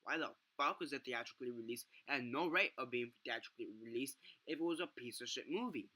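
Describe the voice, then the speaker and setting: A young man with a strikingly bright, forceful voice rants through a film review. He swears freely and piles up fillers and false starts in loose, exasperated chat. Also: mid-range voice, fast. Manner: profane, exasperated ranting with many fillers and restarts. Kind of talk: casual ranting review.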